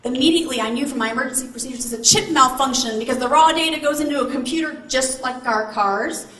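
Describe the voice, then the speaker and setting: A woman motivational speaker telling a story to a live audience on a stage mic, animated and asking the crowd questions. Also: high-pitched, fast talker. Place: large event hall. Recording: echoey hall with faint noise. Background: audience responses.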